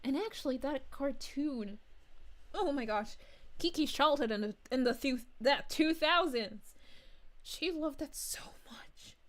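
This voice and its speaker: A bubbly young princess, played by a woman, chats with her stream, giggling and gushing as she reads out messages. Her voice sits high and swoops up and down. She takes her time between lines. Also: animated, measured pace, fairly bright tone. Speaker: VTuber streamer. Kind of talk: livestream chat reading.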